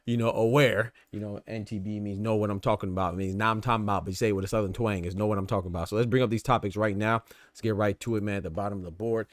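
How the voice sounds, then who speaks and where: A man's voice: fairly low pitch, fairly even intonation, rapid-fire, no echo, clean studio sound. A man hosting a boxing podcast in casual chat, laid-back and slangy, with "man" and "you know what I'm saying" in nearly every line. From American South. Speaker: podcast host.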